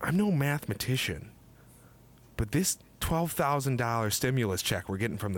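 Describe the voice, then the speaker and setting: A man co-hosting a casual podcast, ranting loudly and laughing often. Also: mid-range voice, moderate pace. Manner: loud, animated ranting with frequent laughs. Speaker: podcast co-host. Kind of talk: casual profane podcast banter.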